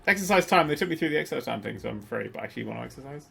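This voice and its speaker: A man's voice: medium pitch, very fast, creaky, slight background noise. A man streaming a prison game, joking, swearing and putting on silly accents. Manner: jokey, swears a lot, puts on silly accents; loud excited yelps. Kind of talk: casual livestream commentary.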